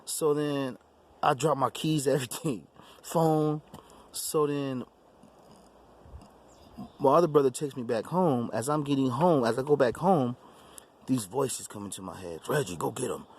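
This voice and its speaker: A man's voice: mid-range voice, measured pace, pauses often. A man hosting his own channel, telling a personal testimony story in an emphatic, repetitive way. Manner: repetitive, emphatic, restarts phrases. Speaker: YouTube channel host.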